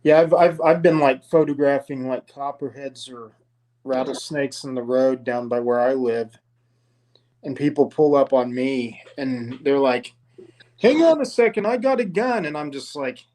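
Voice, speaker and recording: A man's voice: medium pitch, level tone, unhurried, mellow, rough recording. A laid-back man chatting casually, slangy and peppering his talk with "man" and "dude". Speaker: co-host of snake live stream. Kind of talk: casual chat.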